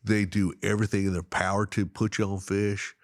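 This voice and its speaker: A middle-aged man telling fishing stories as a podcast guest, excitable and quick to laugh, swinging between loud high exclamations and quiet asides. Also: no echo, studio quality. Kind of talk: animated storytelling in casual chat.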